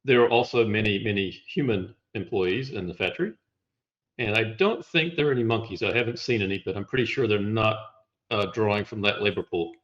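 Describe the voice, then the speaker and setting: Measured, wry man presenting slides; lower voice, muffled recording. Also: fairly bright tone. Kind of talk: casual conversational explanation.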